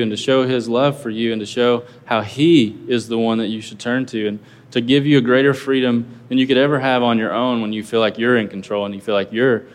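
Man preaching a sermon, mid-pitched voice, asks the crowd lots of questions, big echoey hall. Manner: earnest preaching with rhetorical questions. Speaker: pastor. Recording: long reverb of a large hall.

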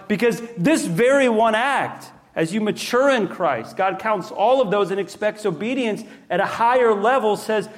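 A man's voice: high voice, expressive, moderate pace. A man preaching a sermon, emphatic and repetitive, putting rhetorical questions to his listeners. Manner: emphatic, repeats key words, asks rhetorical questions.

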